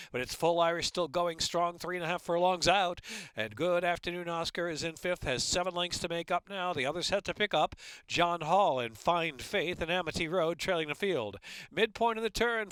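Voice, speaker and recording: An American man works as a track announcer, reading results in a brisk, rhythmic delivery and building to a loud call down the stretch. His voice is bright and crisp, sitting a little high for a man. It is recorded close and dry. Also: no echo.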